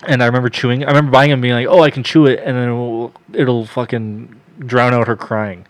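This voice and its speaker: A man's voice: mid-range voice, flat delivery, a little fast. A man telling a story on a casual podcast, swearing often, laughing, and acting out what people said to him. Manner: profane, laughing, quotes himself and others.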